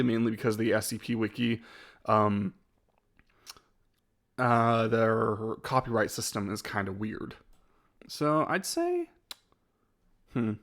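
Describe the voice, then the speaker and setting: A man's voice: mid-range voice, fairly bright tone. A man chatting casually on a live stream as he ranks his own videos, rambling and hesitant and often laughing.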